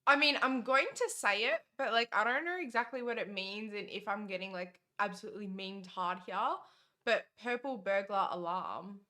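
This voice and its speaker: A woman's voice: mid-range voice, normal speed, bright, forceful tone. A young woman co-hosting a live stream, chatting playfully and laughing often. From Australia. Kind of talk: casual live-stream chat.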